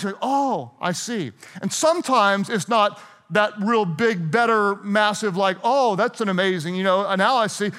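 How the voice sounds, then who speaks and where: High-voiced pastor preaching in a hall. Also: male voice. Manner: storytelling, animated, self-interrupting with repeated restarts. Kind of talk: sermon. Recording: hall reverb.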